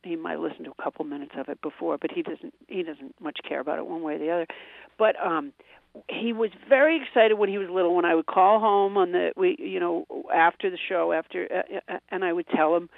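A middle-aged woman comedian rambles through self-deprecating stories with a gravelly, creaky edge. She comes through a tinny phone line, dry and close, with no room sound. Her voice sits in a middle pitch. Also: a little fast, no room sound. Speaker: comedian and quiz show panelist. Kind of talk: radio interview storytelling.

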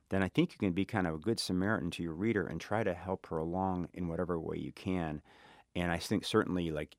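A middle-aged man from Chicago with a South Side accent, a guest author talking thoughtfully in an interview, often pausing and restarting. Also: low-pitched, no echo, clean studio sound. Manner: thoughtful, halting, many restarts. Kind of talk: reflective interview talk.

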